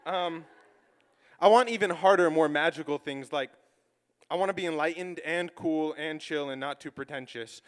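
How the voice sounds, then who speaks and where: A man's voice: on the high side, fairly even intonation, moderate pace, fairly bright tone, clear, resonant tone. A man giving an earnest, confessional spoken-word monologue on stage, peppering his lines with "like". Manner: earnest, heavy use of "like" fillers. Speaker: solo stage speaker. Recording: long hall reverb.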